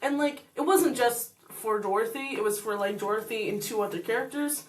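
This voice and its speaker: A woman's voice: a little high, a little fast. Chatty young woman, distant mic. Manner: chatty, quotes herself often, many fillers. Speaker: podcast co-host. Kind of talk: casual chat.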